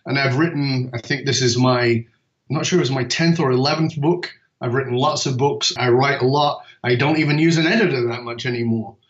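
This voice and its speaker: A man's voice: mid-range voice, fairly quick. A middle-aged man tells stories as a podcast guest and acts out both sides of remembered conversations. His voice sits in the middle of the range. The sound is roomy and a little dull, as if it came from a remote setup. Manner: animated storyteller, acts out dialogue. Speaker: podcast guest, speaker and author. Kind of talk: storytelling interview talk.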